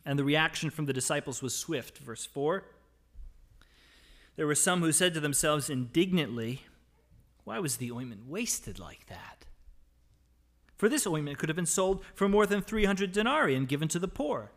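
A male pastor delivering a church sermon, reading scripture and explaining it, swinging between emphatic lines and quiet, soft endings. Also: on the high side, expressive, moderate pace. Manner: expository preaching, reading scripture aloud and explaining it; dynamic delivery, rising for emphasis and dropping to soft, quiet phrases.

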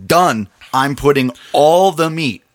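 A man's voice: on the high side, animated, slow. A man in a casual chat, delivering blunt, sarcastic complaints full of swearing. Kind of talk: casual profane rant.

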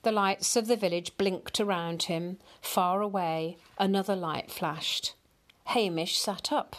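A woman reading a picture storybook aloud in a slow, expressive storyteller manner. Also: mid-range voice.

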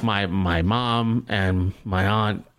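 A man's voice: on the low side, steady tone, slow, background noise. Man telling a rambling story. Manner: rambling, swears freely, laughs at himself. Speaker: podcast co-host. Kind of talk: casual storytelling chat.

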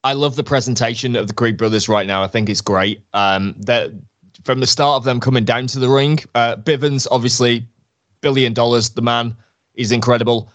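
Male co-host, mid-pitched, upbeat and jokey, easy banter. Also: fairly even intonation, normal speed, fairly bright tone. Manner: enthusiastic, jokey. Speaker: wrestling podcast co-host. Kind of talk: casual chat.

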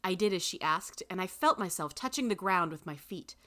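A woman reading a first-person story aloud in an expressive way. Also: lowish voice, brisk. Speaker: reader.

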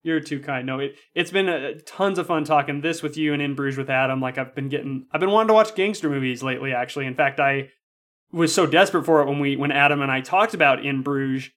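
A man hosting a casual film podcast, chatty and quick, with frequent restarts and fillers. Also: on the high side, a bit bright. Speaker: podcast host.

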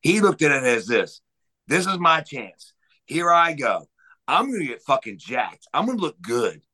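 A man's voice: a little high, big pitch swings, normal speed, pushed and bright, husky, low-quality recording. A man on a podcast giving a heated, profane rant about pro wrestling. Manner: heated, profane, emphatic ranting.

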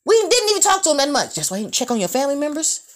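Blunt, profane woman with lively high pitch. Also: rapid-fire. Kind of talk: profane opinion rant.

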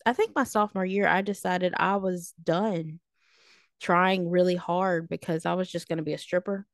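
A woman in her late thirties, a podcast co-host telling high school stories in a snarky, animated way. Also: moderate pace, no echo, clean studio sound. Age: late 30s. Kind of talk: casual storytelling chat.

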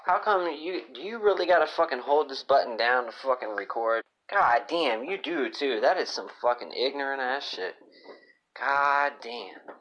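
A man's voice: mid-range voice, moderate pace, a bit bright. A man doing a crude, rambling comedic podcast monologue, swearing constantly and sounding moody. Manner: profane, moody, rambling rants. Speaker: podcast host. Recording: dull lo-fi phone app recording.

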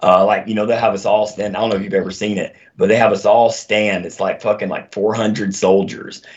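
An army veteran, appearing as a guest in a casual conversation, tells stories in an animated, profane way. His lowish voice moves briskly, and the lo-fi recording sounds dull.

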